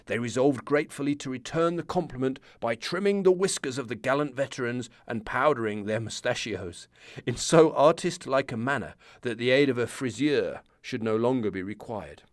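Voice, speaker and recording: A man's voice: mid-range voice, expressive, normal speed, no echo, close to an everyday voice. Formal period army captain's memoir, read by a man, dry close recording. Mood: wry. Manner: formal, period-style reading.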